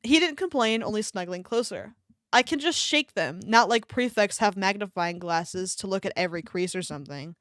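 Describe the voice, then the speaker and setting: A woman's voice: mid-range voice, animated, moderate pace, a bit bright, no room sound, studio quality. A woman streamer reading fan fiction aloud on a live stream, often breaking off to laugh and react to her chat, with a desk microphone.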